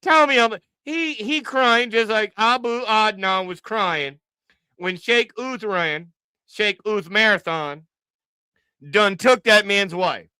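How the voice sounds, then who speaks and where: A man's voice: sits high, bright, forceful tone, clear, resonant tone, dry recording, clean studio sound. A man hosting a livestream, giving casual mocking reaction commentary and teasing with repeated jokes. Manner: teasing, joking, drawn-out repetition. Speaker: livestream host.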